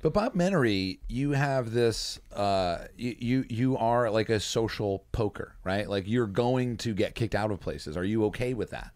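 A man hosting a podcast, talking casually in a rambling, halting way and often restarting his sentences. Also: lowish voice, animated, darkish tone, dry recording. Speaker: podcast host. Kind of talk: casual chat.

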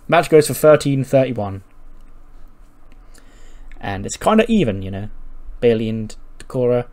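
A man's voice: medium pitch, very animated, slow pace, pauses often, a little mellow. A man casually narrating a wrestling sim playthrough, swearing now and then. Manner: casual, swears, acts out characters. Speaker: game commentator.

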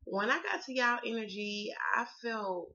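A woman's voice: a little high, animated, unhurried, bright, forceful tone, dull audio. A woman from the American South with a Southern accent, reading tarot in a chatty, slangy way and swearing freely. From Southern United States. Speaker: tarot card reader. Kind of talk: casual tarot reading to camera.

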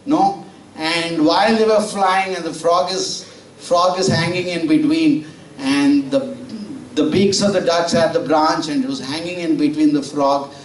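A man's voice: on the high side, fairly even intonation, measured pace, slight background noise. A man preaching a sermon in a conversational way, telling stories and asking the congregation questions. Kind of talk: sermon with storytelling. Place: church sanctuary. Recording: roomy church audio from far off.

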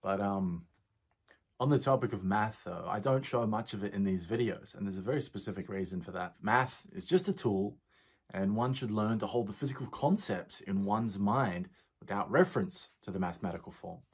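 A man giving relaxed, chatty reaction commentary as a physicist YouTuber, dropping slang and laughing often. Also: on the low side, normal speed, husky.

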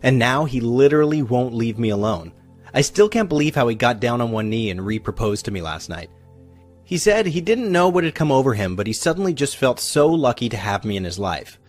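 A man's voice: medium pitch, big pitch swings, fairly quick, soft background music. A man voicing a grateful young married woman, bubbly and close to happy tears, gushing in a breathless retelling.

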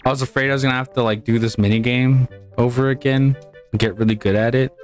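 An excitable man talks over his gameplay, swearing freely and breaking into yells and cheers. His voice sits at an ordinary middle pitch, with faint music running underneath. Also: fast talker. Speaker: gaming channel host. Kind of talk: casual let's-play commentary.

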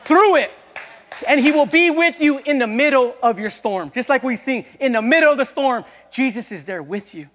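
A man's voice: extremely high pitch, animated, normal speed, a bit bright, in a large hall. A young man preaching an impassioned sermon as a youth pastor in a church, repeatedly calling out to the congregation.

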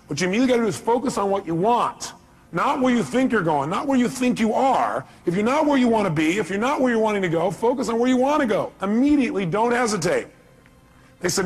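Husky guy doing a motivational seminar, talks fast, acts out his stories, faint music under it. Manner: animated storytelling, acts out quotes with big pitch jumps. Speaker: motivational speaker. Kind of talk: live seminar talk to an audience.

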